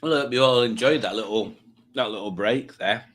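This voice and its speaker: A man's voice: fairly low pitch, a little fast, a bit bright. A man hosting a quiz livestream in a rambling, self-mocking, jokey way. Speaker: quiz stream host. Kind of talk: casual livestream chat.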